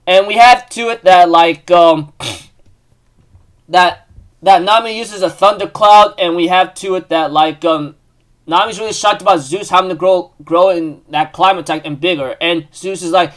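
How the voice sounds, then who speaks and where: High-voiced young man rambling through a recap. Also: measured pace, a bit bright. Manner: rambling, full of fillers and restarts. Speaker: manga recap host. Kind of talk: casual chapter recap.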